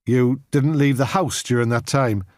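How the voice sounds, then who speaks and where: A methodical police inspector who keeps his questions formal and businesslike, as a male narrator plays him. The voice is measured and mid-pitched, recorded dry and close for an audiobook. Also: steady tone, a little mellow, dry recording, lightly acted. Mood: probing.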